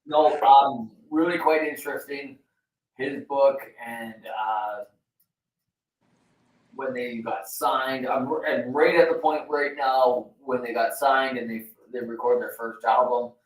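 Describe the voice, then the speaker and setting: A man co-hosts a casual chat show, his mid-range voice slow and fairly even in intonation. He rambles with lots of fillers and swears easily, heard over a video call in a roomy recording, distant from the mic.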